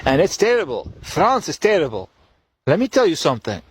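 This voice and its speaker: A man's voice: on the high side, huge pitch swings, fairly quick, husky, no echo. A man hosting a podcast as a rambling solo monologue. He repeats himself and chuckles between his points. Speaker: podcast host.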